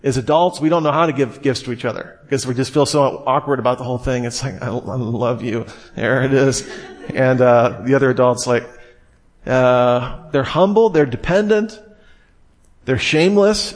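A man preaching a sermon in a relaxed, conversational way, full of everyday fillers and asides. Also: medium pitch.

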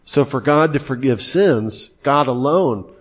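A man at a middle pitch teaches Christian apologetics in a relaxed, conversational style. He leans into emphatic, incredulous asides as he makes his points. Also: unhurried, husky. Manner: conversational, acts out quoted voices. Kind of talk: lively teaching talk.

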